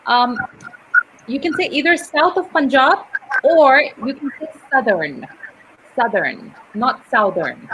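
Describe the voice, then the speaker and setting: Woman English teacher, live class host; high, crisp, patient, corrective. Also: lively intonation, measured pace, fairly bright tone, a little hiss or hum, rough recording. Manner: patient, corrects pronunciation clearly. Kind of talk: live online lesson.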